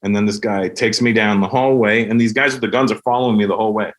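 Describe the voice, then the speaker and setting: A man's voice: fairly low pitch, fast. Guy telling a wild story on a podcast, swears a lot, jumps into voices for everyone. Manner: animated, profane, acts out the dialogue. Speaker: comedian guest. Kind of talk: comic storytelling anecdote.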